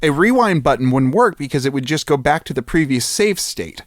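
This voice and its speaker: A man's voice: a little high, lively intonation, a little fast, no echo, clean studio sound. A man co-hosting a podcast, chatting casually and teasingly, laughing often. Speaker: podcast co-host. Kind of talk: casual comedic chat.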